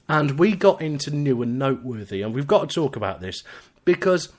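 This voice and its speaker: A man's voice: mid-range voice, brisk. A man hosting a live podcast from the UK, joking around with his co-host and reading out messages from listeners. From United Kingdom. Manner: lively, teasing banter reading out chat messages.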